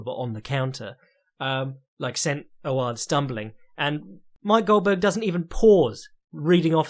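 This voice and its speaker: A young man hosting a podcast alone, giving casual fight commentary in a sardonic, profane manner with quick asides. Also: a little high. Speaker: podcast host and fight analyst.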